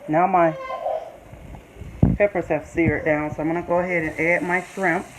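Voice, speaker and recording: A woman's voice: on the low side, fairly even intonation, moderate pace. An older woman, chatting to viewers in a casual cooking tutorial from her home kitchen. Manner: chatty, talks straight to viewers as y'all. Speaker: cooking vlogger. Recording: home kitchen with loud frying noise. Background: sizzling pan and stirring.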